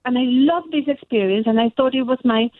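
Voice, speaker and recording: A woman's voice: sits high, brisk, no room sound. Earnest woman caller on a tinny phone line. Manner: earnest, heartfelt storytelling. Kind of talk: phone-in call.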